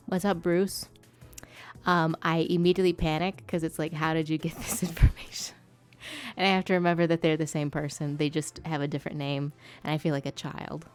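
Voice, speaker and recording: Young female art streamer with a notably deep voice; loose, laughing, filler-heavy chatter over soft music. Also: smooth. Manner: rambling, chatty, laughs often, frequent fillers. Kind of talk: casual chat while painting on stream.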